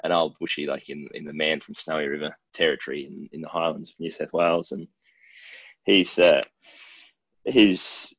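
A man's voice: extremely low pitch, steady tone, normal speed, a bit bright, husky, no echo. A man with an Australian accent, co-hosting a podcast in casual chat and telling stories in a laid-back, jokey way. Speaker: podcast co-host. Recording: dull, dry lo-fi recording.

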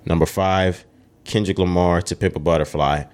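A man with a very low voice co-hosts a podcast in loose, casual chat. He is opinionated and swears freely as he works through a ranked list. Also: fairly even intonation, moderate pace. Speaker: podcast co-host.

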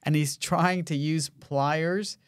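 A man hosting a casual chat, telling a story in a low-key voice. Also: fairly even intonation, takes it slowly, smooth, no echo, clean studio sound. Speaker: host.

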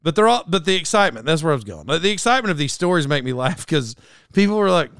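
A man hosting a comedy podcast alone, rambling through an animated monologue, often stopping and restarting mid-sentence. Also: fairly high pitch, fast talker, smooth, dry recording, studio quality. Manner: rambling, self-interrupting, animated. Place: alone in a room.

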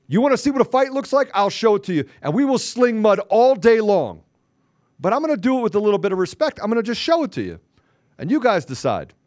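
A man's voice: high-pitched, no room sound, clean studio sound. A man hosting a podcast, delivering a heated, confrontational rant with mild cursing and repeated phrases for emphasis. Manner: combative, confrontational, taunting. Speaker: podcast host.

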